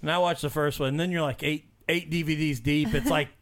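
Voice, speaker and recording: A man's voice: a little high, fairly even intonation, fairly quick, fairly bright tone. A man guesting on a podcast in casual chat, telling a self-mocking story.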